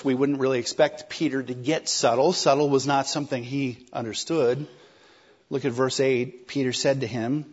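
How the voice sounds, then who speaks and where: Husky conversational male preacher. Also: mid-range voice, dull audio. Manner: animated, conversational, acts out quoted lines. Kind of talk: sermon.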